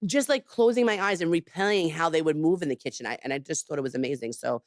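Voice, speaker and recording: Woman chef guest, rapid animated storytelling, dry close sound. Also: low voice, no room sound. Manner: animated, emphatic retelling with frequent "like". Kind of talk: storytelling interview.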